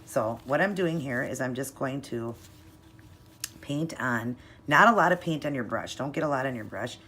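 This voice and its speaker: A woman's voice: a bass voice, animated, moderate pace, fairly bright tone, slight background noise. A woman hosting her own nail art channel, talking through a tutorial in a chatty, upbeat way and explaining each step. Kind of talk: casual tutorial chat.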